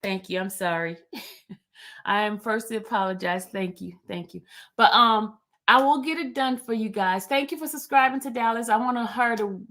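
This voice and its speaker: A woman's voice: medium pitch, a bit bright. Chatty woman hosting her live stream. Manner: chatty, rambling, repeats herself, thanks viewers often. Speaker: channel host. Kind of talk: casual livestream chat with viewers.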